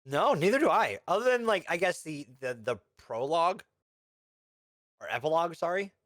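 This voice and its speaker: A young man co-hosting a podcast over a voice call, chatting in an animated, playful way with lots of restarts. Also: a little high, normal speed, dry recording, clean studio sound. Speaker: podcast co-host. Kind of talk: casual chat. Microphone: remote call over voice chat.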